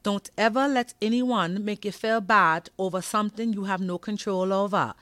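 A woman's voice: mid-range voice, moderate pace, no room sound, pitched above the performer's own voice, lightly acted. A woman putting on a Caribbean accent to voice a stern, scolding middle-aged mother. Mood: earnest, lecturing. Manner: loud, scolding, preachy.

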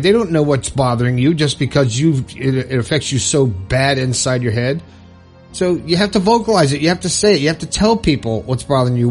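A man giving earnest motivational advice, coaching listeners step by step and checking in with them often. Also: on the high side. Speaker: self-help video host.

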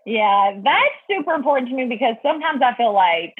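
A woman's voice: fairly high pitch, expressive, brisk, slightly rough, dry recording, narrow, tinny audio. A woman guest talking earnestly and thoughtfully about Bible study in a casual faith chat, laughing easily.

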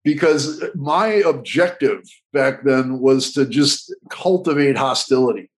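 A man's voice: medium pitch, takes it slowly, rough recording. Guest, male, candid reflective storyteller, restarts and repeats himself, mid-range voice. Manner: earnest, candid, frequent restarts and repetitions.

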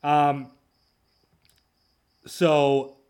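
A man's voice: fairly high pitch, monotone, very slow, darkish tone, smooth. Sarcastic man ranting on a talk show. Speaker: podcast host. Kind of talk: solo talk show commentary.

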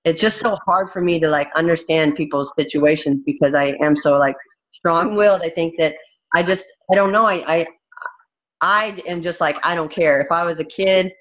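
A woman's voice: on the low side, moderate pace, highs cut off. A woman fighter speaking bluntly and frankly in a candid interview, swearing freely.

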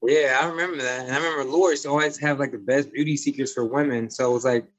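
A man's voice: medium pitch, fairly even intonation, racing, highs cut off, a little hiss or hum. A man interviewing a guest in an easygoing, supportive manner, with some hesitant "um"s. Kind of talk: casual interview.

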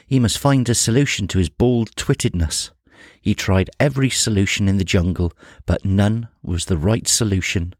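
A man reads a comic children's story aloud with playful, expressive delivery. His voice sits on the low side. The recording is close and dry, with no room sound. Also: moderate pace, dry recording. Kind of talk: humorous storybook reading.

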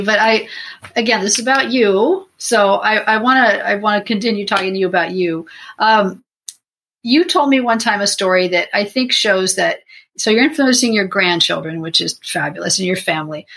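A woman's voice: medium pitch, creaky, a bit bright, husky, low-quality recording. A woman hosting an interview, gushing with praise and often restarting her sentences. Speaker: host.

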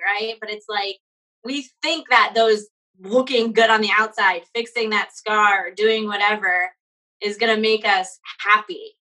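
Woman podcast co-host, 40s, bright voice, rambling chatty storyteller. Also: mid-range voice, poor audio. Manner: rambling storytelling with frequent "like" and laughs. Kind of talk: casual chat.

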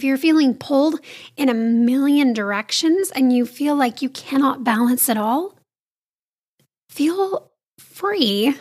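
Woman, high voice, casual vlog talk, confiding, addresses viewers as friends. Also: expressive, takes it slowly, long pauses, a little mellow.

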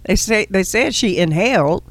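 A woman co-hosting a casual political chat show, speaking in a slow, emphatic way and agreeing readily. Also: mid-range voice, lively intonation, no echo. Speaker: podcast co-host.

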